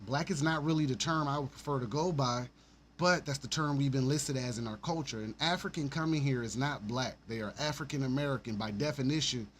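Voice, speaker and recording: A man's voice: mid-range voice, brisk, a little hiss or hum. A man from Alabama, hosting a casual livestream and talking bluntly and animatedly, with frequent swearing and laughter. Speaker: stream host.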